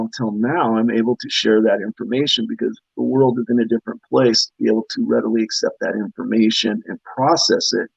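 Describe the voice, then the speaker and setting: A man's voice: medium pitch, creaky, slightly rough, dry recording. A man speaking earnestly and emotionally in a spiritual talk-show conversation, rambling with fillers over a video call. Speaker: guest speaker. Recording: dull, lo-fi dry audio.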